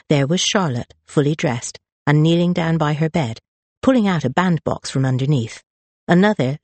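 An audiobook narrator reading a story in an expressive, lively way, close on the mic. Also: medium pitch, no room sound. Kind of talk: scripted narration.

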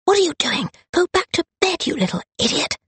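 A narrator voicing a sharp-tongued, impatient young woman who snaps and hisses her words. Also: medium pitch, very animated, moderate pace, vocal fry, husky, no room sound, pitched above the performer's own voice, heavily acted. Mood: snappish. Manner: acid, snappish.

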